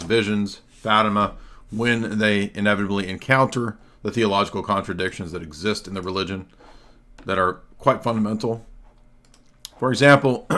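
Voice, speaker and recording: A man hosting a livestream, delivering combative, sarcastic commentary and often clearing his throat. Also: fairly low pitch, pushed and bright. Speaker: livestream host. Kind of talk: argumentative solo commentary.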